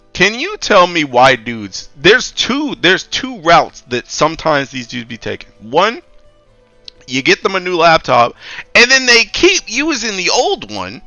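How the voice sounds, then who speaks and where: Young male streamer, lively slangy ranter, dry close sound. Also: on the high side, dry recording. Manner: animated slangy ranting. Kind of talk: casual chat.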